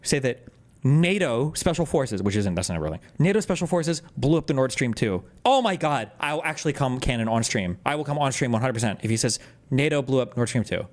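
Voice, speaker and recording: A man streaming a reaction to a video, talking casually with sarcastic loud outbursts and mocking laughs. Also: mid-range voice, lively intonation, quick pace.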